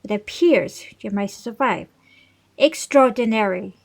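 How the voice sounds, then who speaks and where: A regal old fish-folk king from a video game speaks in a formal, fatherly way, as a woman reads him aloud. The voice sits fairly high and moves slowly and deliberately through each line. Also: expressive, creaky, full character voice. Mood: nostalgic, pleading. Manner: formal, stately reading of game dialogue.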